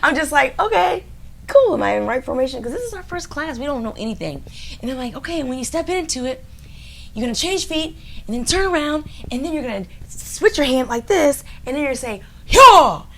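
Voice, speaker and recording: A woman telling a story on a casual podcast, her voice leaping widely in pitch as she acts out what others said. She laughs often as she talks. A faint noise sits under the recording. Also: brisk, vocal fry. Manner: animated, laughing often, acting out other people's lines. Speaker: podcast co-host.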